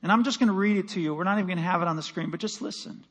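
A man preaching a sermon in a high voice. He builds to emphatic peaks and then drops to a near hush, and he reads scripture aloud as if acting it out. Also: rapid-fire. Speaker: pastor.

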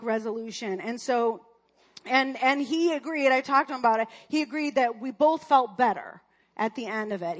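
A woman's voice: on the high side, fairly bright tone. A woman in her forties telling a personal story at church, chatty and rambling, with many fillers and restarts. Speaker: speaker at a church.

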